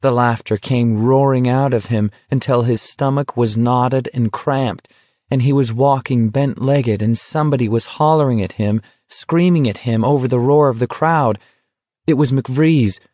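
Brief: male audiobook narrator, unhurried, dry close sound. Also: medium pitch, a little mellow, dry recording. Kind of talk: scripted narration.

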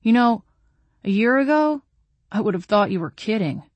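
A woman voicing an earnest, soft-hearted young man in an audiobook, talking in a pleading tone. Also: medium pitch, animated, moderate pace, dry recording, close to an everyday voice. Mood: amused.

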